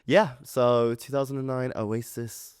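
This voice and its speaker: A man's voice: medium pitch, unhurried, clean tone, no echo, studio quality. A man co-hosting a music podcast, telling rambling, jokey stories in casual chat. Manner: relaxed, rambling storyteller, jokey. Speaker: podcast co-host.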